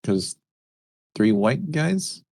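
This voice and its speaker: Husky, lively teasing man. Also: mid-range voice, extremely slow, no room sound, clean studio sound. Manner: playful teasing. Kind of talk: casual chat among friends.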